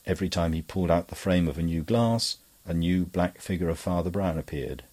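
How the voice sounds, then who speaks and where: Low, husky male audiobook narrator. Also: fairly quick, a little mellow. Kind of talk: scripted narration.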